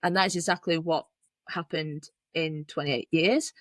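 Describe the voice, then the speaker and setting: Young woman on a film podcast, kinda low voice, says like a lot, super dry sound. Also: fairly even intonation, a little slow, no echo. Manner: chatty, frequent "like" and "you know", repeats herself. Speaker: podcast co-host. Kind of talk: casual film review chat.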